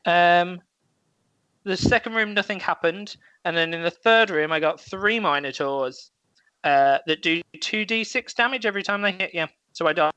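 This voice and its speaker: A man's voice: high-pitched, moderate pace, sharp tone, clear, resonant tone, dry recording, lo-fi sound. A man telling a game story casually over a video call, with loose fillers. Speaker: guest. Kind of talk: casual chat.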